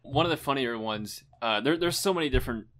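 Relaxed young man chiming in. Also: mid-range voice, quick pace. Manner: relaxed, chiming in and building on stories. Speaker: podcast co-host. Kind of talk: casual chat.

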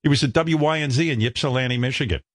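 A man in his sixties from the New York area, a radio host telling stories in an animated, self-mocking, profane way. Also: mid-range voice, fast, no echo, studio quality. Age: 60s. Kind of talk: casual chat.

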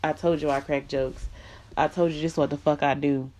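A woman's voice: sits low, steady tone, normal speed, a little mellow. A woman delivering an impassioned, profane monologue, blunt and emphatic with lots of repetition.

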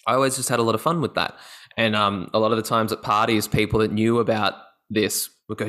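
A man with an Australian accent, a guest actor telling stories in a casual interview, lively and often laughing. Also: on the low side, fast. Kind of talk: casual podcast interview chat.

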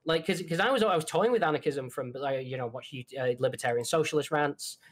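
A man's voice: fairly high pitch, fast. A young man in his twenties from Manchester with a Mancunian accent, talking casually as a podcast guest, swearing often and full of fillers. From Manchester, England. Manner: swears a lot, many fillers and restarts.

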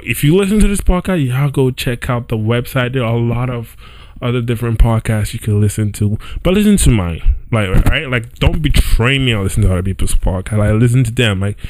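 A young podcast host with a mid-range voice tells a story in a relaxed, chatty monologue, regularly checking in with "right?" and "yo." There's no echo, though his home setup includes a squeaky chair.

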